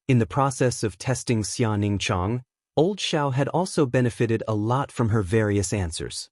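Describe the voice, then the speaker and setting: A man reads a fantasy audiobook as scripted narration, in an even, steady delivery at a moderate pace. His voice is mid-range, and the recording is dry with clean studio sound.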